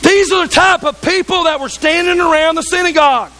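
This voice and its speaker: A man's voice: very high-pitched, brisk, few pauses, bright, forceful tone, slight background noise, rough recording. A man preaching a sermon in a church, fervent and conversational, with asides to the congregation. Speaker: pastor.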